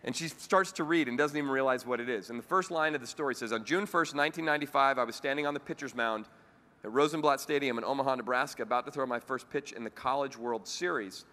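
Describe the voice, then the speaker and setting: A man's voice: mid-range voice, quick pace, pushed and bright. A man giving a keynote speech to a convention, telling a personal story and acting out the voices of the people in it. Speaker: keynote speaker. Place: large convention hall. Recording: long hall reverb.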